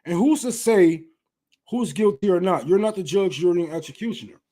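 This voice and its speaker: A man's voice: high voice, animated, fairly quick, mellow. A man from Detroit hosting a casual livestream, talking bluntly and heatedly with lots of profanity. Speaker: livestream host.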